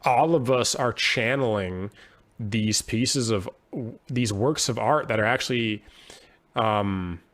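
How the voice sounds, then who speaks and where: A man's voice: fairly low pitch, slow, fairly bright tone. A man speaking as a podcast guest, earnest and reflective, often restarting his sentences as he thinks aloud. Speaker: podcast guest, poet and musician. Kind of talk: conversational interview.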